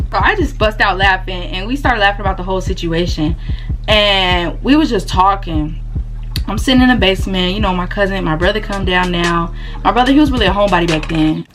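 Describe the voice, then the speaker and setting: A woman's voice: mid-range voice, fairly quick, fairly bright tone, faint music behind. A young adult woman telling a story in casual, slangy talk, laughing often. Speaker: vlogger and small shop owner.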